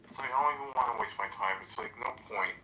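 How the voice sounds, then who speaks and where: A man's voice: mid-range voice, fast talker, pushed and bright. A man chatting casually on a podcast, rambling through an anecdote and acting out both sides of the conversation. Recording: echoey room with faint noise.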